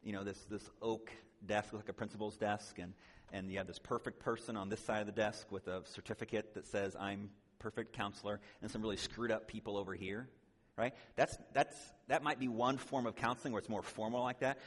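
A man's voice: lowish voice, fairly even intonation, a little fast, breathy edge. A man giving an earnest, conversational sermon-style teaching on counseling, now and then acting out the voices of the people he quotes. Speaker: speaker at a church conference. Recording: long hall reverb.

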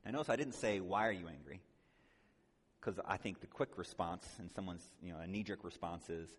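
An earnest man teaches in a conversational sermon style, now and then acting out the voices of the people he quotes. His voice sits fairly low, and it rings with a long reverb as if he were in a large hall. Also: lively intonation, fairly quick, fairly bright tone, husky. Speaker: speaker at a church conference.

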